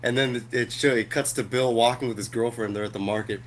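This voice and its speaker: A man's voice: medium pitch, quick pace, slight background noise. Male podcast co-host, casual storyteller who laughs mid-sentence. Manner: animated retelling of a comedy skit, laughing along. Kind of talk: casual chat.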